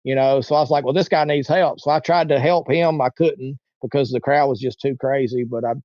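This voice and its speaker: A man's voice: medium pitch, fairly even intonation, fairly quick, mellow, dry recording, highs cut off. A man in his forties, a guest telling a long story in a casual, rambling way and now and then acting out the voices of people in it. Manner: rambling, acts out quoted voices. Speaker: interview guest.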